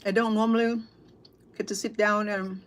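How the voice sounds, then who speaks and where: A middle-aged woman with a Cambodian accent, chatting casually with livestream viewers over dinner at home, halting, full of fillers and restarts. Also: mid-range voice, level tone. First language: Khmer. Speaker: cooking vlogger and interpreter. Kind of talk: casual livestream chat while eating.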